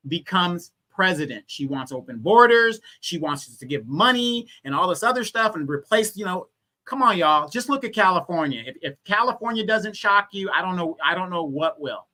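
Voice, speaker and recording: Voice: medium pitch, bright, forceful tone. A guest on a live political talk stream, speaking casually and plainly with rhetorical questions.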